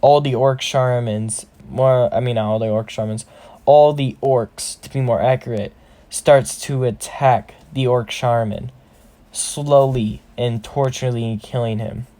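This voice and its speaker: Man, casual fan-fiction storyteller, rambling, self-correcting, mid-pitched voice. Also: mellow.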